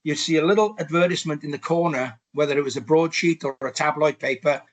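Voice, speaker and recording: A man's voice: fairly high pitch, quick pace. Welsh man in his sixties, rambling. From Wales. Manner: rambling, many restarts and "you know". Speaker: podcast guest. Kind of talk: reflective life story.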